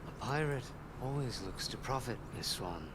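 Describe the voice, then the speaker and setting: A man's voice: mid-range voice, lively intonation, moderate pace, a crowd in the background, natural voice. An actor voicing a swaggering, roguish male pirate captain in a video game, sly and theatrical. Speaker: game character.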